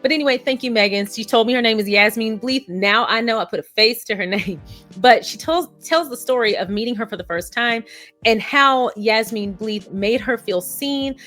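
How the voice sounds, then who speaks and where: A woman's voice: fairly high pitch, normal speed, a bit bright, faint music behind. A woman vlogger giving casual commentary to her viewers, chatty and candid, poking fun at herself. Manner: chatty, candid, self-deprecating storyteller.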